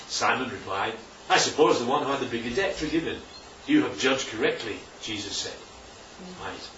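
A man preaches a sermon in a chatty way, often putting questions to the room. His voice is fairly high and fairly bright, carrying a little hiss or hum, and the recording sounds dull, as if captured from far off in an echoey hall.

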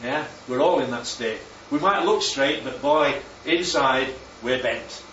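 A man preaching a sermon, lively and constantly checking in with his listeners by asking "right?" and "yeah?". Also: medium pitch, unhurried, a little hiss or hum. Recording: echoey, distant, dull sound with faint ambience.

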